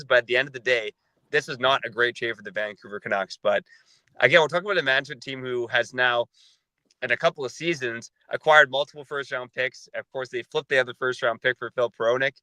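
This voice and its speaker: Man, podcast host, measured analytical talk, sharp bright voice, dry sound. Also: mid-range voice, no echo, poor audio. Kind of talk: sports analysis podcast chat.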